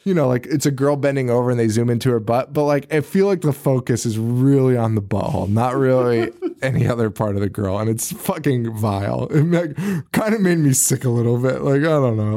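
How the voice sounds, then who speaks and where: A man in casual podcast chat, retelling a film scene by scene. He swears freely, laughs a lot and slips into quick impressions of the characters. His voice sits at an ordinary middle pitch. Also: dark tone. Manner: profane, laughing, acts out characters' lines. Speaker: podcast host. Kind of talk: casual movie recap chat.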